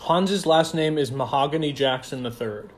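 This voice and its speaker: A man's voice: fairly high pitch, normal speed. A young man casually chatting on a phone livestream, reading comments aloud in a playful, campy, slangy way. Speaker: stage actor hosting a livestream.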